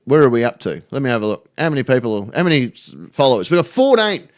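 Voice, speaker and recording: A man's voice: mid-range voice, big pitch swings, quick pace. A man hosting a live stream, chatting casually and telling jokes, often swearing. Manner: sweary, joking storyteller.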